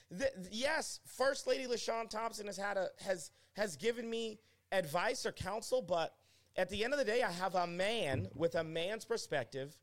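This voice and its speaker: A young man, a pastor, talking as a guest in a casual conversation and telling stories emphatically. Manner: animated, emphatic storytelling with pitch swings.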